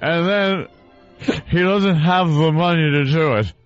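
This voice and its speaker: Solemn stumbling news anchor, a man putting him on, slow measured delivery, muffled radio sound with music behind. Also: a little high, no echo, voice pushed up, natural voice. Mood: mock solemn. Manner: mock-solemn newsreader delivery with deliberate mispronunciations. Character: veteran male TV anchorman, solemn, stumbling on words.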